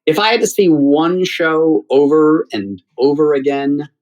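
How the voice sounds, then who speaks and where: A middle-aged man from the United States, a theater critic, telling lively stories as a guest in an interview. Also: on the high side, measured pace, rough recording. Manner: animated storyteller who acts out quoted voices. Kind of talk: anecdotal interview storytelling.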